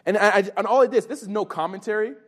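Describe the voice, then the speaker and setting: Earnest preaching man, fairly high voice. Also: fast talker. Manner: earnest, personal storytelling, rising to fervent emphasis. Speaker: youth pastor. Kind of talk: sermon. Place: retreat meeting room.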